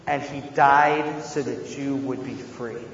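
A man preaching a sermon as a pastor, earnest, moving between hushed tones and loud emphasis. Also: mid-range voice, fairly even intonation, slow. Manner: earnest, shifts from hushed to shouting. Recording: echoey hall, dull and slightly noisy.

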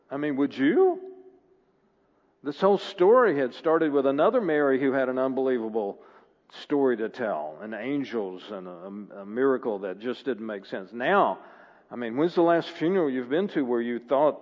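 A man's voice: medium pitch, expressive, normal speed, darkish tone, muffled recording. Man preaching in an echoey hall. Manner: storytelling, reads scripture aloud with rising emphasis. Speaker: pastor. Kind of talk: sermon.

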